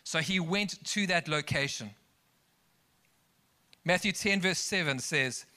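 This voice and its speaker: A man's voice: fairly high pitch, slow pace, pauses often, pushed and bright. A man preaching a sermon, emphatic, mixing scripture with personal stories told to the congregation. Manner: emphatic preaching with rising exclamations; storytelling asides to the congregation. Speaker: pastor.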